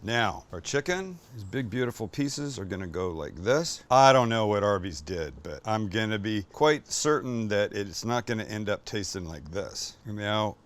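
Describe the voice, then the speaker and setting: A man's voice: on the low side, big pitch swings, normal speed, hardly any pauses. A man hosting a casual cooking show in a kitchen, enthusiastic and joking, swearing casually as he cooks.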